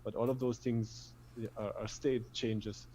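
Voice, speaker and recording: Man, podcast co-host, reflective, hesitant, monotone, dull lo-fi sound, faint background noise. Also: medium pitch, measured pace. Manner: reflective, hesitant, repeats words. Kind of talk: casual panel chat.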